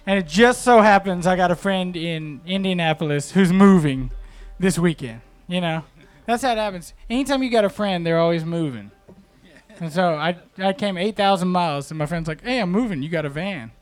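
A man's voice: high voice, normal speed, clean tone, soft background music. A man bantering between songs on a festival stage, rambling and playfully teasing his bandmate. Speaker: band member.

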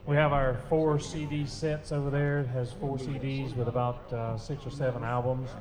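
A man in the band making a stage announcement with easygoing, quick patter. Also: medium pitch, flat delivery, a crowd in the background. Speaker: band member. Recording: live hall with long reverb.

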